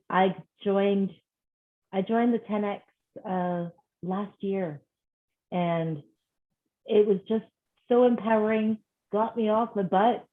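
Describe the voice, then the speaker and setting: A woman from Scotland speaks in a fairly low voice, reflective and earnest as she tells her story. Her sound comes through a thin, tinny line that cuts off the lows and highs, like a call patched into the show. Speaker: guest children's author. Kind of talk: casual interview chat.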